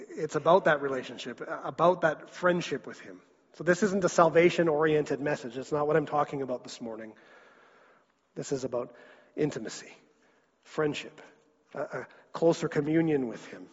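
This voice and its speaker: A man's voice: on the high side, breathy edge. A man preaching a sermon as a pastor, earnest, often repeating a word as he presses a point. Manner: earnest, repeats words when stressing a point. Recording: dull, lo-fi sound in a long-echo hall.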